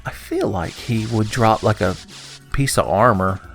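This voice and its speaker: A man's voice: lowish voice, measured pace, vocal fry, soft background music. A man giving casual gameplay commentary, joking, swearing and laughing often. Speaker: let's play commentator.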